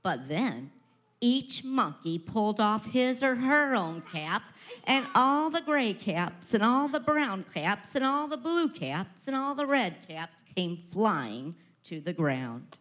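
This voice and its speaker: A preschool teacher, a woman, reading a picture book aloud to children with expressive storytelling and dramatic pauses. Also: medium pitch. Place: preschool classroom. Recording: echoey classroom.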